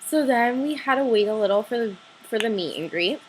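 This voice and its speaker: A teenage girl, gushing breathlessly about meeting her idol, full of likes and sudden excited squeals. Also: a little fast, slight background noise, rough recording. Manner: breathless gushing with many likes, jumps high when excited. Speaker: fan telling a story. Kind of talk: excited personal vlog storytelling.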